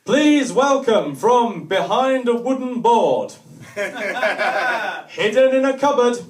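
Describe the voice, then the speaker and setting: A comedian introducing himself in a grand, drawn-out announcer voice. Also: male voice, very high-pitched, animated, voice pushed up, exaggerated voice. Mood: grandiose. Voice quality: loud, slow, drawn-out announcing. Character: booming male showbiz announcer. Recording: echoey live venue, distant mic.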